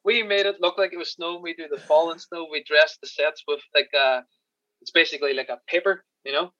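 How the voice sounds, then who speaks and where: Irish guy rattling off stories fast, bright voice, dry kinda dull mic sound. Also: fairly high pitch, dry recording. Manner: animated, swearing, laughing storyteller. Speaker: podcast guest, special effects crew member. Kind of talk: casual storytelling chat.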